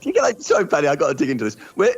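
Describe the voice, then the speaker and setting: Man with very lively, swooping pitch. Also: very fast, muffled recording, soft background music. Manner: probing, wry questions. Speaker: podcast co-host. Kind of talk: casual chat.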